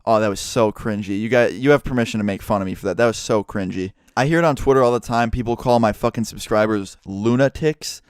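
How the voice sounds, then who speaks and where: A man's voice: fairly low pitch, fast talker, few pauses, clean tone, no echo, studio quality. A young man telling a story to his viewers in a casual, rambling way, swearing often and filling gaps with "like". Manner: profane, rambling, heavy use of "like". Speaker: YouTuber.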